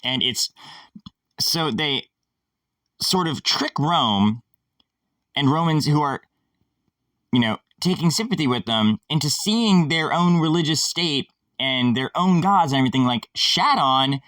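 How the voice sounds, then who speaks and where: A man's voice: on the high side, lively intonation, a little slow, fairly bright tone, dry recording, studio quality, far from the mic. A man hosting a casual monologue, rambling, sarcastic and irreverent, swearing freely.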